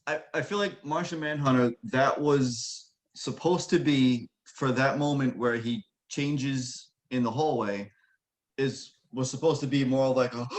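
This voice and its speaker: Man, mid-pitched, easygoing co-host who fills in plot details with a soft fade at line ends. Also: measured pace. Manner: relaxed, explains plot points, drops quietly at line ends. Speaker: podcast co-host. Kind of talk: casual movie review chat.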